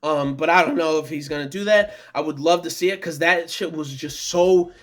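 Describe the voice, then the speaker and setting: Man anime vlogger, excited and rambling, slightly high-pitched. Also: normal speed, soft background music. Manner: rambling, many fillers and restarts, excited. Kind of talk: casual monologue review.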